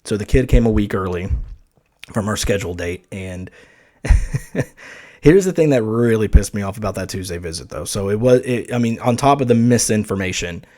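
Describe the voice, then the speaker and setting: A young man telling a story casually on a podcast, animated, swearing freely and acting out the voices of the people he quotes. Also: on the low side, moderate pace. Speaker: podcast host.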